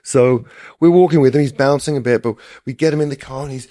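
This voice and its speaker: A man's voice: mid-range voice, fast talker, mellow, dry recording, clean studio sound. A middle-aged man who is a guest on a podcast, telling a rambling, casual story full of restarts. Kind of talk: casual chat.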